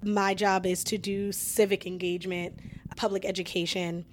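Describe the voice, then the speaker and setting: A woman guest in a casual interview, mid-pitched and informative. She explains her work in long, upbeat runs of speech. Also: level tone, normal speed, slight background noise. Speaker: guest from independent abortion clinics. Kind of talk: conversational interview.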